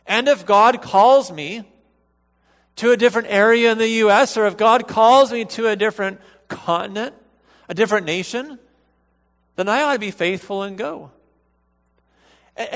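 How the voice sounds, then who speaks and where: A man preaching a sermon to a church congregation, in an earnest, measured way with emphatic repetition. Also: sits high, a bit bright, long reverb tail. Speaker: pastor. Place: church sanctuary.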